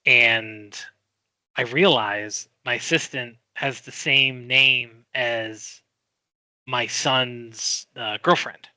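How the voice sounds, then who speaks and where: A middle-aged man telling a story in a podcast chat, animated and quick to act out what people said. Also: medium pitch, no echo. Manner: animated storyteller, acts out quoted voices. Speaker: guest.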